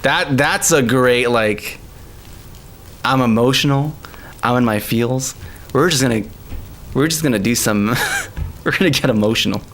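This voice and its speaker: A man's voice: mid-range voice, a little slow, long pauses, fairly bright tone, a little hiss or hum. A man streaming live and chatting casually, laughing often and calling people man and dude. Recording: faint music behind.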